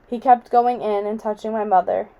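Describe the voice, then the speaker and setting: A woman reading a novel aloud in a quiet, measured way. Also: medium pitch, fairly even intonation, creaky, muffled recording. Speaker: audiobook reader.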